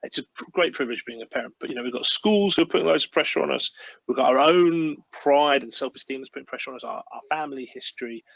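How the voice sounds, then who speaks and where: A man from the United Kingdom, with a medium-pitched, fairly bright voice and vocal fry, speaks fast over a video call with no echo and lo-fi sound. A webinar guest, he talks earnestly about parenting, sometimes acting out brief parent-child exchanges.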